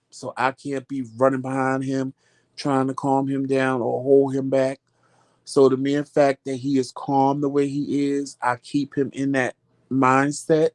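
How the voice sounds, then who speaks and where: A man hosting a vlog, telling a story in casual chat, animated and sassy, acting out the back-and-forth and calling listeners "child" and "honey". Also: mid-range voice, no echo. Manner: animated storytelling, acts out quoted exchanges. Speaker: vlog host.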